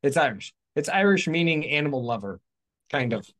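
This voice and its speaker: A man's voice: on the high side, big pitch swings, a little fast, fairly bright tone. Rambling man musing on spiritual ideas. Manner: rambling, self-correcting, playful asides. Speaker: host. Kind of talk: casual spiritual talk. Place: outdoors in hot weather.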